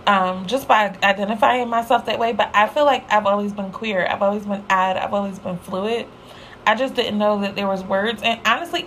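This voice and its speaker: A young adult woman hosting a casual solo podcast, talking candidly in slang, laughing often and jumping up in pitch for emphasis. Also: slight background noise, low-quality recording. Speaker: podcast host.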